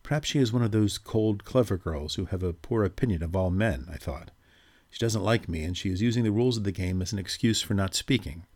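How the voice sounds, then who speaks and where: A man reading a ghost story aloud in measured, steady narration. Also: fairly low pitch.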